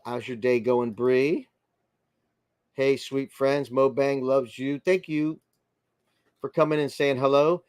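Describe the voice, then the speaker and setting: A man's voice: mid-range voice, fairly even intonation, slow, pauses often, a little mellow, clean tone, dry recording. Chatty man hosting a dry-sounding livestream. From United States. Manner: friendly, chatty, greets viewers by name and muses aloud. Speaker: livestream host. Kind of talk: casual livestream chat reading viewer comments.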